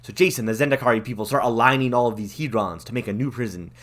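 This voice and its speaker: A man's voice: mid-range voice, fast talker, fairly bright tone. A man and channel host retelling a fantasy card-game story in a casual, jokey manner, full of slang. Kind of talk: casual comedic story recap.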